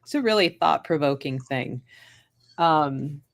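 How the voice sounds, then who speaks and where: Low-pitched female host, playful and self-mocking, casual chat. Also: lively intonation, a little slow, gravelly. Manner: joking, self-mocking sarcasm.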